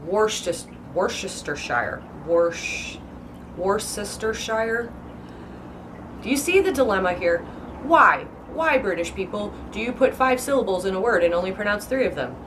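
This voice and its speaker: A woman's voice: medium pitch, expressive, brisk, background noise. A woman book vlogger rambling casually and playfully, stretching out words and exaggerating how they sound. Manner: hyper, playful, exaggerated pronunciations.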